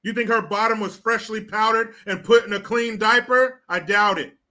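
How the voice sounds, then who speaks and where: A man's voice: sits high, fairly even intonation, moderate pace, sharp tone. A man delivering blunt, profane, indignant commentary to the camera. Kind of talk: ranting commentary.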